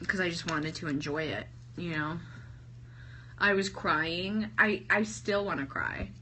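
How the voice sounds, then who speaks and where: An excitable woman in her thirties chats with her livestream viewers, her throat worn from singing. Her voice is bright and low-pitched, and she talks slowly. It is recorded on a phone at arm's length, with faint ambient noise behind her. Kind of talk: casual livestream chat. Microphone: phone held at arm's length.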